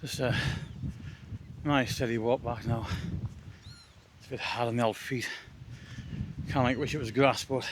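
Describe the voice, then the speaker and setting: A tired man chats to his camera as he trudges along a moorland road. His voice sits at an ordinary middle pitch. Wind and outdoor noise come through clearly behind him. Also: fairly even intonation, normal speed, long pauses. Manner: puffing, tired, chatty talk to camera while walking. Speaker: walking vlogger. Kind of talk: casual walking vlog. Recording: outdoor walk with noticeable background noise.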